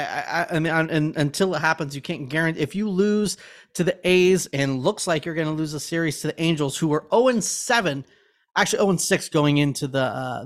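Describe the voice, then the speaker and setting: A man co-hosting a casual sports podcast, rambling and swearing in frustration. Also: a little high. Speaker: podcast co-host.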